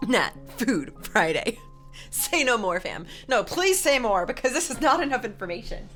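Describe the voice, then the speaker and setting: A young woman streamer chatting casually with her live chat, rambling and animated, laughing often and reading messages aloud. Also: on the high side, normal speed, soft background music. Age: young adult.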